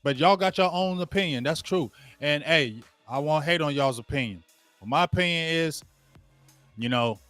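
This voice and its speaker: Soft background music plays under this man's slightly high, somewhat bright voice, recorded without room sound at a moderate pace. He hosts a sports show's live game watch-along, ranting casually with slang and speaking directly to viewers as he calls the play-by-play.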